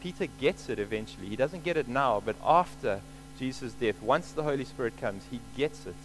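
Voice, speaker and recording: A man's voice: medium pitch, animated, brisk, soft background music, low-quality recording. A man preaching a sermon, explaining scripture earnestly and repeating key points for emphasis.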